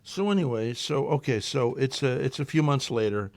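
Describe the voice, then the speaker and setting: A man with a medium-pitched voice talks at normal speed with no echo. He hosts a local talk radio show and, in casual conversation, tells a rambling anecdote, animatedly performing other people's lines as he goes.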